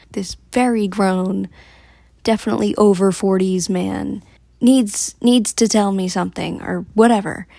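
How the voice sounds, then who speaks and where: A woman vlogger tells a long story straight to camera, chatty and animated, breaking into laughs along the way. Her voice has a gravelly fry to it and sits at an ordinary pitch. The sound is dry and close. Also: no room sound.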